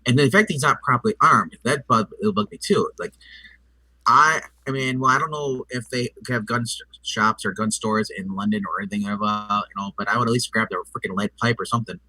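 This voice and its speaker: Bright-voiced man, a bit off-mic. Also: lowish voice, dry recording, recorded from a distance, low-quality recording. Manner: halting, stammering, acts out scenes. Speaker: movie review co-host. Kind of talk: casual movie review chat.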